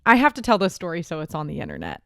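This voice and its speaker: A woman's voice: low-pitched, wildly swooping pitch, very fast, vocal fry, a bit bright, no echo, studio quality. A young woman from Texas co-hosting a podcast, telling stories expressively with swearing and laughter. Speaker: podcast co-host. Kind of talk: casual storytelling chat.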